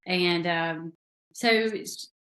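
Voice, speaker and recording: A woman's voice: fairly low pitch, drawn-out words, a bit bright. A woman from South Carolina with a Southern accent, a guest author describing her book in chatty, rambling talk with many fillers. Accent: Southern American. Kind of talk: casual interview chat.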